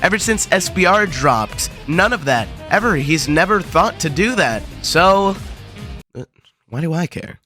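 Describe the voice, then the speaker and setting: A man's voice: on the high side, animated, measured pace, pushed and bright, soft background music. A young man hosting a gaming video, delivering sarcastic, crude commentary full of profanity and mock drama.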